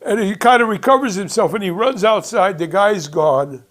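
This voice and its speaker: A man presenting a workshop, retelling a film plot in an animated way with chuckles, acting out the scenes as he goes. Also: sits high, normal speed.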